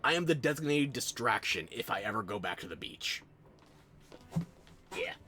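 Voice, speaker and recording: A man's voice: medium pitch, expressive, moderate pace, bright, forceful tone. A man chatting casually with viewers while streaming a game, playful and self-deprecating, talking into a close desk microphone. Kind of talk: casual live-stream chat while playing.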